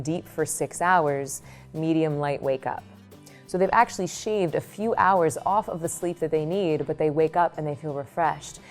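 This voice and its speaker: A woman meditation teacher answering interview questions, telling lively examples with quick asides. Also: low-pitched.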